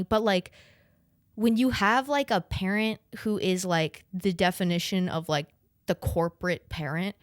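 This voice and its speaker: A woman in her late twenties with a fairly low, smooth voice hosts a podcast, chatting casually about her family. She rambles with lots of "like" and casual swearing, emotional and close to tears. The recording is dry.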